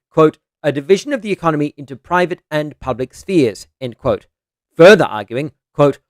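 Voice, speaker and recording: A man reading a scripted narration in a somewhat higher voice, steady and measured. He reads each cited passage aloud and marks where the quote starts and ends. The sound is close and dry, with no room around it. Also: no echo.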